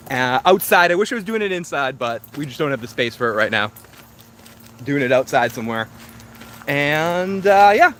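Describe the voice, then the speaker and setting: A man in his thirties hosts a casual livestream from home and reads out viewer comments. His voice sits a little high and has a bright, tense edge. He rambles, makes fun of himself, swears freely and laughs often. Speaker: livestream host.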